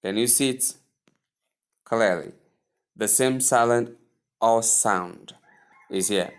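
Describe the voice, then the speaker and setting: A man teaching English pronunciation, speaking deliberately and repeating each word several times for the listener to practice. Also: medium pitch, clear, resonant tone. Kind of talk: pronunciation lesson.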